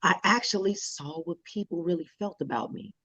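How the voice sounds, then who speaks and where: A woman's voice: lowish voice, lively intonation, a little fast, fairly bright tone, no room sound. A woman hosting a casual, candid chat, blunt and emphatic with plenty of profanity. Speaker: host. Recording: muffled dry sound.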